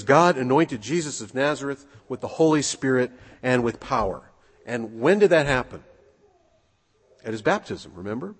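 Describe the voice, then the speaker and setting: A man preaching a sermon in a relaxed, conversational way, asking his listeners rhetorical questions and pausing on fillers. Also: mid-range voice. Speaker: pastor. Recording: husky voice with long hall reverb.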